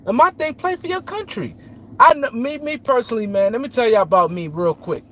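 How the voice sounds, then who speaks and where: A man's voice: very high-pitched, expressive, a little fast, a bit bright, a little hiss or hum. A man hosting a casual sports talk stream, repeating points and greeting viewers by name. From New York City. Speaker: show host. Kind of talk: casual sports commentary livestream.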